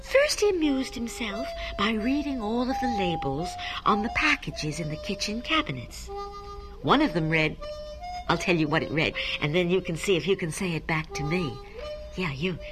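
Animated lady reading a kids story, gets you to repeat lines, voice goes all over. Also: on the low side, moderate pace, over music. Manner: animated, coaxing listeners to repeat tongue twisters. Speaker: children's storyteller. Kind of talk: read-aloud children's story.

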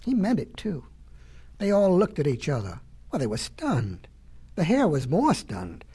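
Husky, folksy storyteller. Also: mid-range voice, huge pitch swings, a little slow, warm tone. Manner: folksy, chatty asides.

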